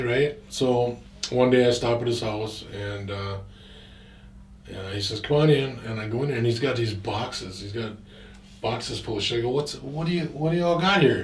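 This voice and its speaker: A man's voice: mid-range voice, a little mellow, reverberant, recorded from a distance, a little hiss or hum. A man casually telling a rambling, profane personal story, full of fillers and restarts.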